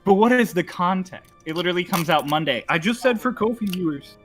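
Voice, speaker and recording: A man's voice: sits high, expressive, fairly quick, fairly bright tone, faint music behind. A man chatting casually with friends on a stream, teasing them and laughing often. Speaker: show regular. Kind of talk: casual group chat on stream.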